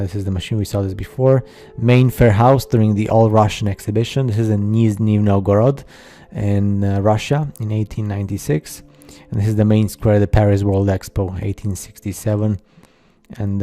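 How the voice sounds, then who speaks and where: Dark-voiced man, halting skeptical narration. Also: lowish voice. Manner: halting, many fillers and restarts, skeptical asides. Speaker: narrator of a slideshow video. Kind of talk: casual voice-over commentary.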